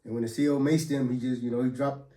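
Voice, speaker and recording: A man's voice: medium pitch, steady tone, fast talker, mellow. A man casually telling a story from his prison years, full of profanity and street slang, acting out the blows as he goes. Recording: echoey room.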